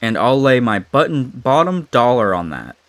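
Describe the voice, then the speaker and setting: Slowly and carefully, a young man in his natural voice reads a brusque, domineering male hunting guide's lines from an old story. His mid-range voice has a sing-song quality and a fairly bright tone. No room sound can be heard.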